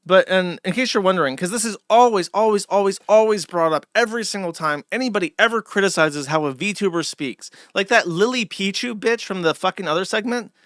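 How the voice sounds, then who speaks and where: A male host delivering a profane, scornful commentary rant in a slightly high voice. His bright, forceful tone sits close and dry, with no room sound around it. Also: fairly quick, few pauses, dry recording.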